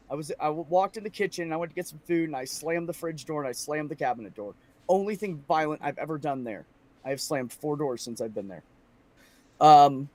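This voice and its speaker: Guy venting on a podcast, swears a lot, kinda high voice, does little impressions of people. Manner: venting, profane, animated storytelling; mimics other people's voices in quotes. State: frustrated. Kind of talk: casual podcast chat.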